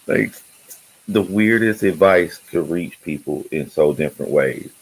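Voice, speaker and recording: A man's voice: sits low, slow pace, slightly rough, rough recording. A man hosting his own channel, talking loosely and rambling in casual livestream chat, often laughing. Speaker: YouTube channel host.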